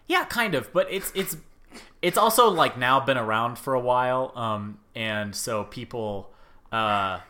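A man with a bright, clear voice, chatting casually with friends. He explains things with an amused, skeptical edge and often laughs as he talks. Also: mid-range voice, expressive, measured pace, slight background noise. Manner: skeptical, amused, laughs while telling stories.

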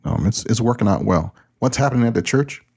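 Deep gravelly guy hosting a podcast, chatty and easygoing, kinda husky. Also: lively intonation, fairly quick, darkish tone. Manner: loose and conversational, plain-spoken. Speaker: podcast host and pastor. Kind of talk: casual podcast talk.

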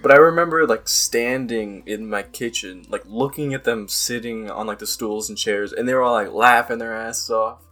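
A man's voice: medium pitch, moderate pace, few pauses, fairly bright tone. A young man in casual chat, laid-back, laughing along and swearing in his reactions.

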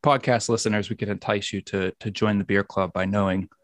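A man's voice: fairly low pitch, fairly even intonation, brisk, dry recording. A man hosting a casual podcast, easygoing and a little rambling. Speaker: podcast host.

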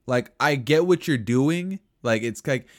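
Male podcast co-host, mid-pitched, loose casual chat, stop-start rambling delivery. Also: animated, measured pace. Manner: rambling, frequent fillers and restarts.

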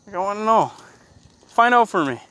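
A man chatting and joking crudely while hiking in the woods, teasing his friend with loud outbursts. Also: high voice, animated, normal speed. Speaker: hiker filming outdoors. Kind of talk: casual joking chat. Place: woods outdoors.

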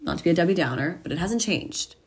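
A teenage girl talks to the camera from her mirror at home, close to the lens. Her voice sits a little low, and she rambles in a chatty, self-mocking way. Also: expressive, fast. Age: teens. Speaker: vlogger. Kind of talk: casual chat to camera.

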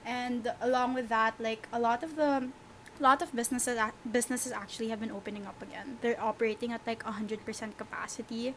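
A woman's voice: fairly high pitch, steady tone, a little fast, a bit bright, slight background noise, rough recording. A young woman co-hosting a casual podcast, chatty and full of filler words. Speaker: podcast co-host. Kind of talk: casual chat.

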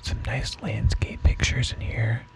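A man's voice: mid-range voice, level tone, a little slow, gravelly, rough recording. A man doing a whispered ASMR segment, rambling and self-mocking. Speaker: podcast co-host.

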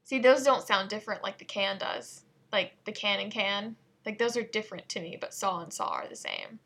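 Playful woman hosting a podcast, husky and bright, keeps giggling. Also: mid-range voice, normal speed. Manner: giggly, playful, self-mocking. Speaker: podcast host. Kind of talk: casual solo podcast chat.

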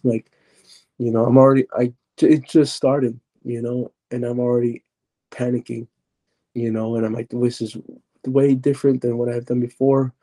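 As a podcast guest, a man recounts his personal testimony earnestly and confessionally, often circling back and restarting sentences. His mid-range voice is very dark and mellow with a husky edge, moving at a moderate pace with little pitch change.

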